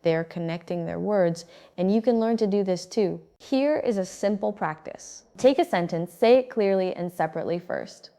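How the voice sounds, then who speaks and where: A woman giving a calm, scripted English-speaking lesson, pronouncing each word clearly and steadily. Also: mid-range voice, moderate pace. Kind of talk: scripted instructional narration.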